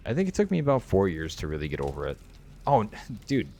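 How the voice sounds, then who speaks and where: Deep-voiced, earnest male streamer. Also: huge pitch swings, fast, dark tone. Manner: earnest, openly emotional, rambling. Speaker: game streamer. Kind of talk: casual live-stream chat.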